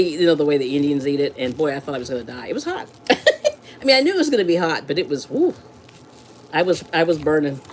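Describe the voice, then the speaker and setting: A woman's voice: deep voice, a little hiss or hum, poor audio. A woman hosting a live stream, chatting casually while cooking, rambling, laughing often and greeting viewers by name. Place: home kitchen.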